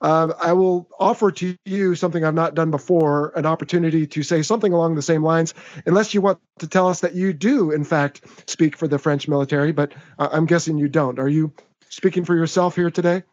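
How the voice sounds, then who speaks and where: An upbeat American man hosts a casual podcast. His voice sits a bit high for a man, and his talk is chatty and relaxed. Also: fairly quick, dull audio. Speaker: podcast host.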